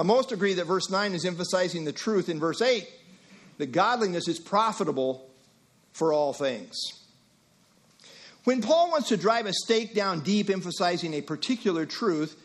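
A middle-aged male pastor preaching an expository sermon, emphatic, with rhetorical questions and quick asides. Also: sits high.

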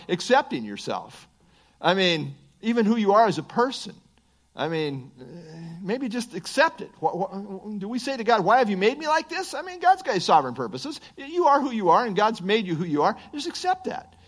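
A man teaching through a Bible passage verse by verse, emphatic and chatty, with frequent asides and chuckles. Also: sits high.

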